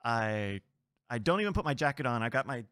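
Bright, lively man telling a story. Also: medium pitch, brisk, no echo, clean studio sound. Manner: rambling storyteller, laughs often. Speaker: podcast co-host. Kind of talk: casual chat.

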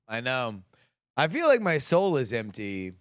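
A man's voice: mid-range voice, huge pitch swings, unhurried, no echo, studio quality. A man on a casual podcast, joking crudely and swearing a lot as a quiz contestant.

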